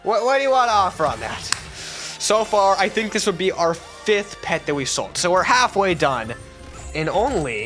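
A young man talks over his gameplay in a loose, jokey ramble, his pitch swinging all over the place and breaking into squeals when he gets excited. Soft music plays quietly behind him. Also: moderate pace. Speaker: gaming YouTuber. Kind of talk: gaming commentary.

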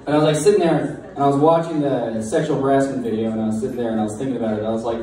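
A young man doing a halting, self-deprecating stand-up set in a bar taproom. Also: medium pitch, steady tone, warm tone. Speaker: stand-up comedian. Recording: echoey distant room mic with crowd noise.

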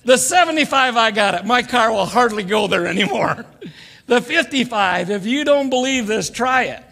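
A man's voice: high voice, normal speed, vocal fry, bright, forceful tone. An older man giving a folksy, joking sermon as a guest preacher, acting out quoted voices. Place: church sanctuary. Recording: church live stream with long reverb.

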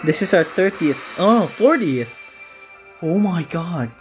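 A woman's voice: fairly low pitch, lively intonation, takes it slowly, music in the background, rough recording. A woman hosting a gaming video, giving casual commentary on her game pulls in an anxious, pleading, dramatic way.

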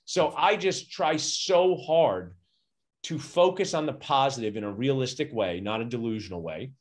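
A middle-aged man, a dentist, telling stories energetically and acting out quotes in a conversational interview. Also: moderate pace. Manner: energetic, acts out quotes with big pitch jumps. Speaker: dentist and podcast guest. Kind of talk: animated storytelling conversation.

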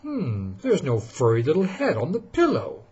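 A man's voice: fairly high pitch, huge pitch swings, moderate pace, breathy edge, dull audio, pitched above the performer's own voice, heavily acted. A man voicing a bumbling father bear. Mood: puzzled. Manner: exclaims loudly, mock-searching. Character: big gentle father bear, puzzled and playful.

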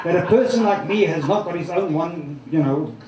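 Male stage hypnotist, lively pitch, loud teasing patter, live theatre room with big audience. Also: normal speed. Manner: teasing, loud, animated banter with volunteers. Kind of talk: live comedy stage show. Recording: echoey theatre with loud crowd.

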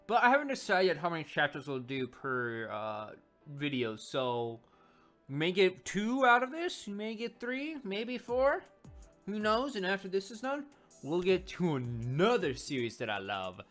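Animated rambling man reviewing comics. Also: high-pitched, a little slow. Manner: rambling, self-correcting, animated. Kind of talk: casual video commentary. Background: faint background music.

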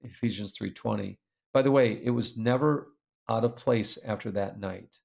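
A middle-aged man in an interview, telling a story in an animated way and laughing as he reads old letters aloud. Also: on the low side, normal speed, gravelly. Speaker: author and speaker.

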